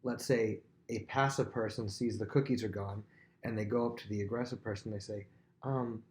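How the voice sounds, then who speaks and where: Guy doing a laid-back bible lesson, lowish voice, chatty and rambling. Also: fairly even intonation, moderate pace, darkish tone. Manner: conversational, rambling, thinking aloud. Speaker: Bible teacher.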